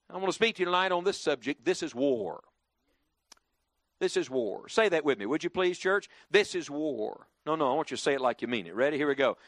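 A man's voice: medium pitch, sing-song, quick pace, fairly bright tone, no room sound, clean studio sound. A man preaching a sermon to a church congregation, swinging his voice up and down for emphasis and leading the crowd in call-and-response.

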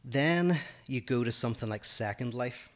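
A man's voice: medium pitch, animated, normal speed. A man with a Northern Irish accent, co-hosting a podcast and explaining ideas at length, thinking aloud in casual philosophical discussion. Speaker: podcast co-host.

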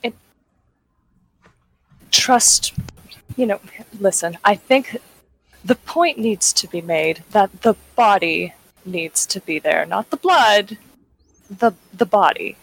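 A woman's voice: medium pitch, animated, takes it slowly, gravelly, long pauses, a bit bright, low-quality recording. A woman playing a tabletop game, talking in a sassy, playful way. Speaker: player. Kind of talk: casual tabletop play.

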